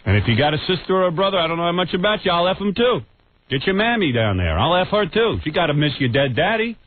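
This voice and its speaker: Male radio host, taunting and crude, lively swooping pitch, tinny phone-like sound, faint hiss. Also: fast, no echo. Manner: taunting, crude, mock-menacing.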